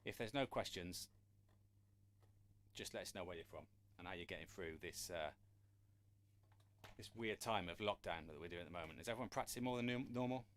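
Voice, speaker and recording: A man's voice: low voice, brisk, pauses often, a bit bright. A man teaching a live-streamed drum lesson, chatty and encouraging, urging viewers to ask questions. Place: room with a drum kit. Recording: drums and counting heard behind.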